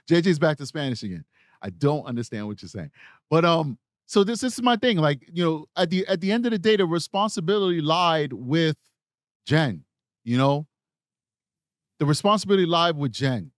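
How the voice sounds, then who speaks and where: High-voiced man with emphatic commentary. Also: lively intonation, moderate pace, no echo, studio quality. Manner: emphatic, repetitive, argumentative. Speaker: true crime livestream host. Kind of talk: casual commentary, reading live chat.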